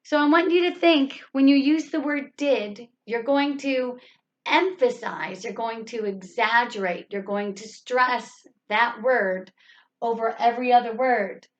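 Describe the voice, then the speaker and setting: A woman teaches English grammar at a very slow, careful pace, pausing between phrases and pressing hard on each key word. Her voice sits a bit higher than most, and the recording sounds dull and lo-fi. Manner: stresses key words, repeats example sentences slowly. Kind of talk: slow, deliberate grammar lesson.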